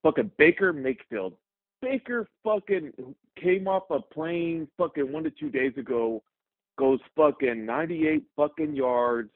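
A man's voice: a little high, a little slow, no echo. A man from Fresno, California, calling in to a sports radio show, angry and swearing as he rants. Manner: angry, profane, agitated ranting. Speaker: caller. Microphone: phone. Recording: tinny phone line.

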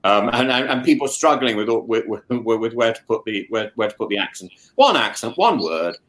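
A man in casual conversation whose pitch swings widely as he talks. He restarts phrases again and again, stumbling into strong opinions. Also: moderate pace. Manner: stammering restarts, animated opinions. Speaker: guest. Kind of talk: casual discussion.

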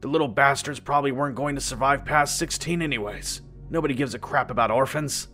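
A man's voice: medium pitch, fast, sharp tone, faint music behind, lightly acted. A man voicing a brutal older man who runs an orphanage, snarling insults and bellowing orders. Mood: callous, hurried.

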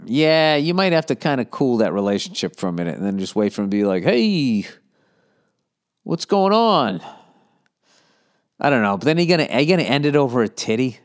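A man's voice: medium pitch, animated, very fast, hardly any pauses, clean tone. A man hosting a casual advice podcast, talking in a blunt, profane, rambling way. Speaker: podcast host answering listener questions.

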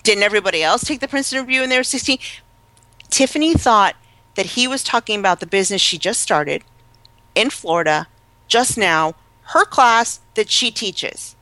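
A woman chatting casually as a podcast co-host, animated and gossipy, acting out the people she quotes. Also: medium pitch, moderate pace, no room sound. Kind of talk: casual chat.

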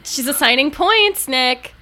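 A woman's voice: sits high, lively intonation, measured pace, a crowd in the background. A woman co-hosting a casual podcast, making dry, wry remarks and laughing often. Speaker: podcast co-host. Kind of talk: casual comedic chat.

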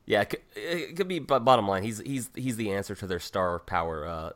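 A deep-voiced man hosting a casual interview. He talks in a relaxed way, laughs a lot and often repeats words as he starts a thought. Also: fairly quick. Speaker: podcast host.

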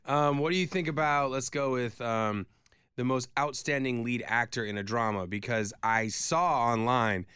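A man co-hosting a radio show in casual, jokey chat, animated and quick to act out voices in his stories. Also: mid-range voice, smooth, no room sound, studio quality.

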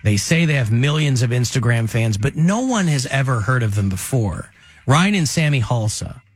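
A man hosting a radio talk show, chatting casually with rambling, animated asides. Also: medium pitch, normal speed, no room sound. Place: radio studio.

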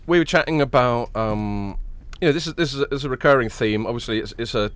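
A man's voice: medium pitch, fast, fairly bright tone, smooth. A man hosting a podcast, chatting casually with a nasal, tired voice after a late night, rambling and joking with lots of fillers and restarts. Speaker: podcast host. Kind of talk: casual chat.

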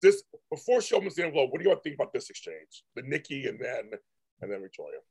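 A man's voice: mid-range voice, huge pitch swings, fast talker, darkish tone, breathy edge. A man hosting a casual chat show, talking animatedly and acting out characters' lines. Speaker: podcast host. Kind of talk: casual chat about a soap opera.

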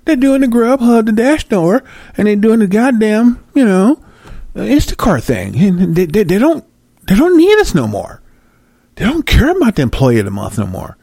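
High-pitched scheming official, swearing, griping, strained, a man putting him on, dry close sound. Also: big pitch swings, normal speed, dark tone, no room sound, full character voice. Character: scheming, cursing male government official.

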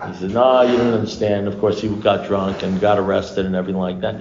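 A low, gravelly man spins a rambling story to a room full of listeners and acts out every line of dialogue. The sound is muffled and lo-fi, with the echo of a meeting hall around him. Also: quick pace, few pauses. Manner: animated storyteller acting out dialogue, swears freely. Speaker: recovery meeting speaker. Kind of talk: storytelling talk to an audience. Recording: echoey room, dull lo-fi sound.

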